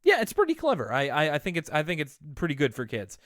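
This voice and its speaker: A man's voice: on the high side, huge pitch swings, fast talker, dry recording, clean studio sound. A young man co-hosting a casual podcast, chattily recapping a cartoon episode and acting out the lines. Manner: chatty, laughs easily, acts out quotes. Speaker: podcast co-host.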